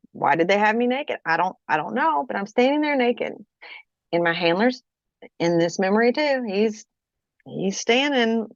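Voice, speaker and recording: A woman from Kentucky giving a personal testimony in an interview, halting, restarting her sentences and often checking in with the listener. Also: mid-range voice, no room sound, dull audio. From Kentucky, USA. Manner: halting, frequent restarts, keeps checking with "okay?". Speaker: guest.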